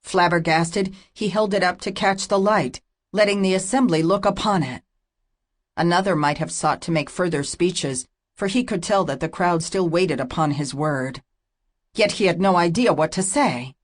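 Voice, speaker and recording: A woman narrating a fantasy audiobook in a steady, measured storytelling manner. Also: on the low side.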